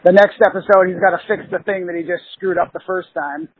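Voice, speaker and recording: A man co-hosting a casual comedy podcast, chiming in with quick add-ons to his partner's riff. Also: high voice, steady tone, husky, narrow, tinny audio. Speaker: podcast co-host.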